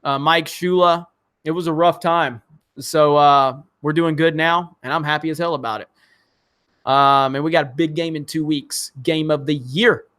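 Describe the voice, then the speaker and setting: A man's voice: a little high, fairly even intonation, normal speed, a bit bright. A man from Alabama hosting a live stream, chatty and enthusiastic as he reads out viewer chats. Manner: chatty and enthusiastic, many fillers. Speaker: livestream host reading viewer chats. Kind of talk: casual live-stream chat.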